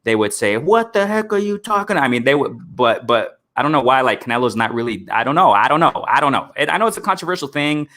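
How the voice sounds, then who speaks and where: A man's voice: medium pitch, fast talker, few pauses, sharp tone. A man hosting a casual live-streamed boxing talk show, rambling and repeating himself with plenty of "bro" and "man".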